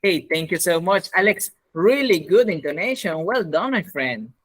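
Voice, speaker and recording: A man teaching an English speaking class over a video call, animated and encouraging, laughing often. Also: high-pitched, normal speed.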